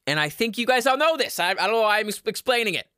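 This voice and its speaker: A young man hosting a comedy podcast, yelling and rambling through an unscripted monologue into a microphone in a basement. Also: high voice, expressive, fast, smooth, no echo, clean studio sound. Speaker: podcast host. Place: home basement. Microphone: studio microphone.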